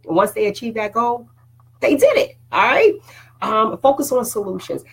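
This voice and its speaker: Husky woman giving a motivational talk. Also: on the high side, very animated, moderate pace, a bit bright, rough recording. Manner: preachy, conversational, repeats "all right?". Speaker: host. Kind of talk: motivational live talk to viewers.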